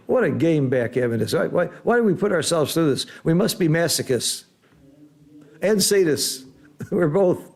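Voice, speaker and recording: A middle-aged man commentating a backgammon match live, exclaiming over the rolls and then calmly explaining strategy like a teacher. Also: on the high side, normal speed, vocal fry.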